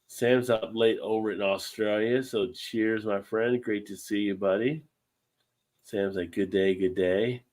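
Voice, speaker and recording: A man with a fairly low voice hosts a casual beer-drinking livestream. He rambles in a laid-back way and lets the odd swear word slip. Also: steady tone, a little slow, darkish tone. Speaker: livestream host. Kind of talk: casual chat over beers.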